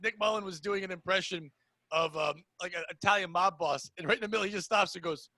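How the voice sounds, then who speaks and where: A man co-hosting a comedy podcast, ranting loudly and crudely, swearing often. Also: high-pitched, quick pace, dry recording. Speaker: podcast co-host. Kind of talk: casual comedic podcast banter.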